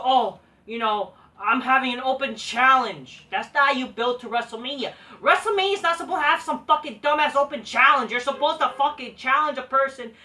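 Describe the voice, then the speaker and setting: A woman rants in an exasperated, foul-mouthed stream, her voice high and sharply bright. She sits back from the microphone, so she sounds a little distant. She swears at nearly every turn. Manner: exasperated, swears constantly, mocks wrestlers in sing-song quotes. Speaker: wrestling show reviewer. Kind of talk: profane ranting commentary.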